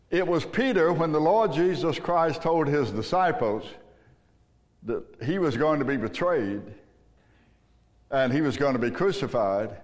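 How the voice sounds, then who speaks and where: A male preacher telling a story with emphatic rises and hushed drops. His voice sits somewhat high for a man, and a long hall reverb trails his phrases. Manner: storytelling, emphatic, swings between hushed and loud. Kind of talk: sermon.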